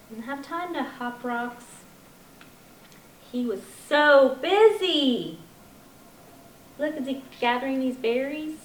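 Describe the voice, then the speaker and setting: High-voiced woman reading to kids. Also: slight background noise. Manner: sing-song, asks the children questions. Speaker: children's librarian. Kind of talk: reading a picture book aloud to young children. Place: children's library. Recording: echoey library room.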